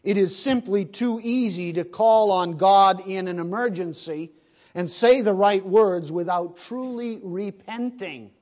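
A man preaching a sermon, swinging between hushed lines and loud, emphatic bursts. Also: sits high, a little slow.

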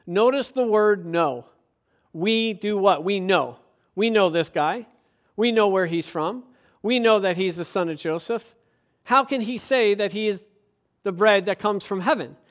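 A pastor with a notably high voice delivers a sermon in a conversational, emphatic way. He keeps turning to rhetorical questions and leans on key words to drive his points home.

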